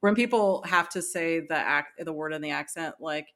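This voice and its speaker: A woman's voice: sits low, moderate pace, fairly bright tone. A woman co-hosting a podcast, chatting casually with wry, dry quips. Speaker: podcast co-host. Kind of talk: casual chat.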